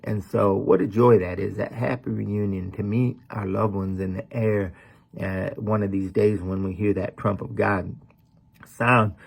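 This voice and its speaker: A man's voice: on the low side, steady tone, unhurried, vocal fry, husky. A middle-aged man preaching a sermon as a pastor, talking in a folksy, conversational way with lots of "man" and "you know.".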